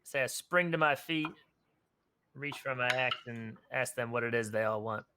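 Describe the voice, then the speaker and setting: A man's voice: medium pitch, normal speed, background noise. A man playing a tabletop game, blunt and swearing freely. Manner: blunt, profane. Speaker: player.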